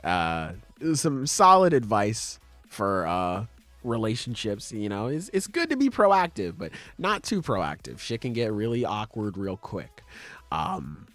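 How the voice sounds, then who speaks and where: Pitched on the low side with huge swings in intonation, his fairly bright voice moves a little slowly as soft music plays underneath. He's a relaxed, foul-mouthed podcast co-host summarizing manga chapters and tossing off loose paraphrases of what the characters say.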